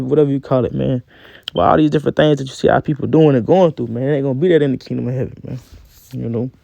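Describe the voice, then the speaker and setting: Dude preaching off the cuff, says man every line, dry close sound, kinda raspy. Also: mid-range voice, warm tone, no echo, dull audio. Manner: repeats "man" after nearly every phrase; reads verses slowly and deliberately. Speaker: scripture teacher. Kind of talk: informal preaching with scripture reading.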